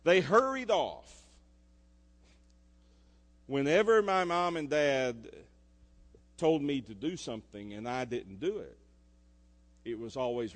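A male pastor, preaching a sermon and swinging between loud emphasis and soft asides. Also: mid-range voice, lively intonation, slow pace, long pauses. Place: church sanctuary. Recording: echoey church hall.

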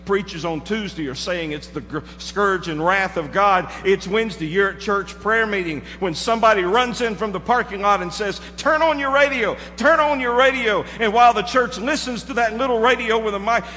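A man preaching a dramatic story in a high, bright, forceful voice. He swings from loud to hushed. He is heard in a reverberant hall with faint noise behind him. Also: a little fast, few pauses. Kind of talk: sermon illustration.

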